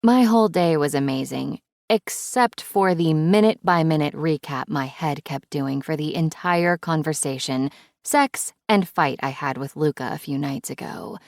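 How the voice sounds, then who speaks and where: A woman's voice: deep voice, normal speed, a little mellow, no echo, studio quality. A woman narrating a romance audiobook in first person, wry and conversational.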